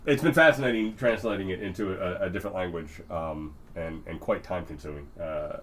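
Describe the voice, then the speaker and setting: A man's voice: sits low, brisk, a little hiss or hum. A man co-hosting a podcast in casual, profane chat, rambling with lots of fillers and restarts. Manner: rambling, swears freely, many fillers and restarts. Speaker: podcast co-host.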